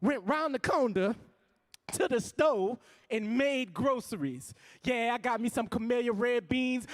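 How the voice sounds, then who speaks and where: New orleans guy doing spoken word on stage, really high voice, punchy rhythm. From New Orleans, USA. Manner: rhythmic, punchy delivery with sudden loud bursts. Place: live stage in a venue.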